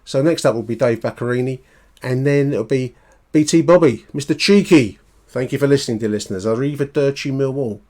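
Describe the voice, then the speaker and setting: Mellow relaxed male podcast host. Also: mid-range voice, a little fast. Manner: relaxed, many ums. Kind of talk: casual podcast chat.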